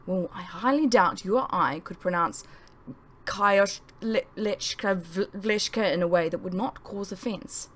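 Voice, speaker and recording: A woman voicing a sly man who speaks in a hushed, conspiratorial whisper, in a storybook reading. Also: mid-range voice, measured pace. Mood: amused. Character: sly red-eyed man, whispering schemer.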